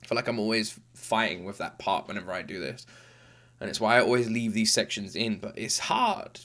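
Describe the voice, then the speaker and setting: A man's voice: lowish voice, lively intonation, fairly quick, fairly bright tone. A man in his thirties hosting a reaction video, talking in an earnest, heartfelt, rambling way with restarts, tearful after crying. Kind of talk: casual emotional monologue.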